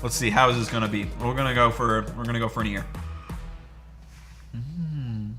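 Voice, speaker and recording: A young man hosting a casual livestream, excitedly greeting chat viewers by name and hyping things up as he talks. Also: mid-range voice, normal speed, over music. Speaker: livestream host.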